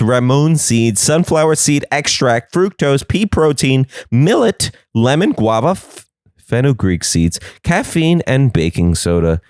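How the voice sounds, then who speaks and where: A man's voice: mid-range voice, a little mellow, no room sound, clean studio sound. A young man hosting a comedy podcast, riffing sarcastically on the news and slipping into silly voices.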